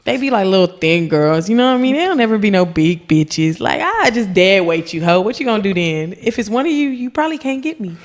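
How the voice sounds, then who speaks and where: A woman's voice: mid-range voice, animated, brisk, hardly any pauses. A young woman from Texas, a podcast guest telling stories in a brash, profane, laughing way. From Texas, USA. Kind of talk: casual chat.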